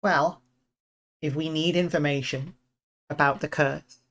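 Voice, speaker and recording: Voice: mid-range voice, steady tone, a little slow, fairly bright tone, poor audio. A game streamer reacting to a visual novel with profane, groaning, anxious commentary.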